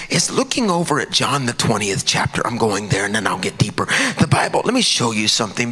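A man preaching a sermon, swinging from hushed, quiet lines to shouted ones. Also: medium pitch, breathy edge, big-room sound.

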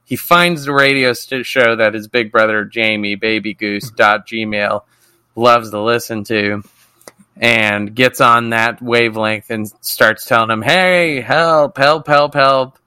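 A man's voice: lowish voice, steady tone, a little slow, sharp tone, smooth, no echo. A man co-hosting a podcast, casually recapping a TV episode, swearing freely and acting out the characters' lines. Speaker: podcast co-host.

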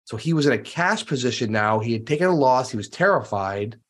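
A man's voice: mid-range voice, animated, fairly quick. A man on a podcast telling stories casually and animatedly, acting out dialogue in different voices. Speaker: podcast guest, real estate investor. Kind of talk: casual interview storytelling.

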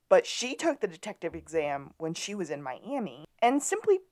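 A woman co-hosting a podcast, recapping a TV episode in playful, animated casual chat. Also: on the low side, normal speed. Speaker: podcast co-host.

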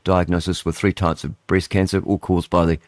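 A man's voice: low-pitched, level tone, fairly quick, a little mellow, no room sound. Rambling New radio host, older man. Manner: rambling, chatty, thinks aloud. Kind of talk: casual radio chat, reading headlines aloud. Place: radio studio.

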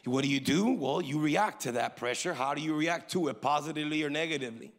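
A male pastor preaching a sermon, calling for amens from the congregation and moving between loud emphasis and quiet asides. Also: on the high side, quick pace. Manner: preaching with call-and-response to the congregation.

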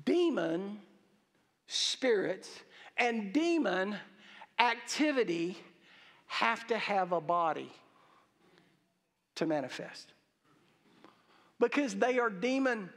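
A man preaching a sermon, emphatic, with halting restarts and drawn-out stresses on key words. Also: high-pitched, sing-song, a bit bright. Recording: reverberant hall.

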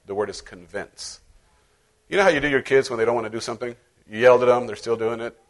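A man's voice: medium pitch, fast talker. A middle-aged male pastor preaching a sermon in a conversational, playful way, acting out little voices as he goes.

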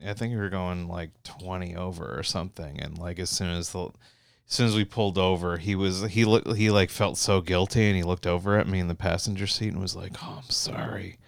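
A man's voice: deep voice, steady tone, brisk, gravelly, no room sound. A young Canadian man telling long, rambling road stories in casual chat, swearing freely and full of "like" and restarts.

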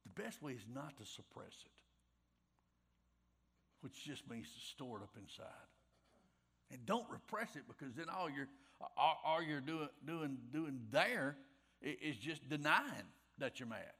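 Folksy man preaching, high bright voice. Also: very animated, measured pace, husky. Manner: folksy, conversational preaching with repeated phrases. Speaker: pastor. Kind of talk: sermon.

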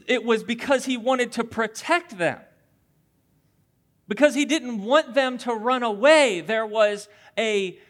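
A man with a notably high voice delivers a sermon as a pastor. He talks casually and conversationally, with restarts, and acts out quick voices as he tells a story. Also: a bit bright.

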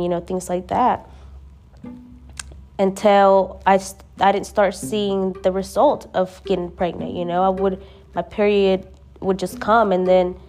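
A young woman speaks in a relaxed, conversational way, dropping slang as she reflects on faith. Her voice has a warm, mellow tone without brightness. Soft plucked-string music plays faintly underneath. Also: medium pitch. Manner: slangy, conversational, with frequent "dude" and "bruh". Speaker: vlogger sharing faith reflections. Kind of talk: casual spoken reflection.

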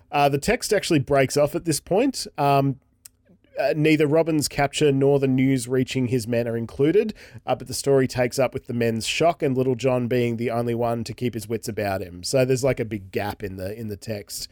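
A man's voice: mid-range voice, steady tone, normal speed, music in the background. A man co-hosting a casual podcast, rambling with fillers and restarts as he reads out a story summary. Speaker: podcast co-host. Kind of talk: casual chat, reading a synopsis aloud.

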